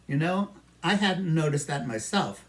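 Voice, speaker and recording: A man's voice: on the high side, animated. A man with a New York accent teaching an English listening lesson, talking patiently to students and echoing their answers. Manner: slow, patient, talks to imagined students and answers for them. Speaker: ESL teacher. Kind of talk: simulated classroom micro lesson.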